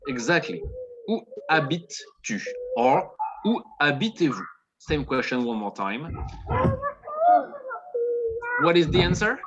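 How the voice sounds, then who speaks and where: A man teaching French with a French accent, lively pitch, dull lo-fi sound. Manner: encouraging, repeats phrases slowly for students. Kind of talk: online demo language class. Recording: dull lo-fi audio with faint noise.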